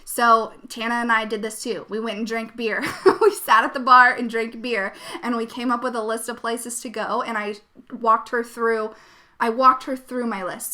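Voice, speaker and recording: Bubbly, bright-voiced woman coach. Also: a little high. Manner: bubbly, chatty, laughs often, many fillers. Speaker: web design coach. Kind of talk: casual live webinar with Q&A.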